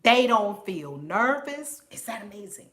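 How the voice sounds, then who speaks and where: A woman's voice: mid-range voice, sing-song, unhurried, pushed and bright. A woman hosting a live stream as a spiritual teacher, talking casually and with animation, laughing often and calling out viewers by name.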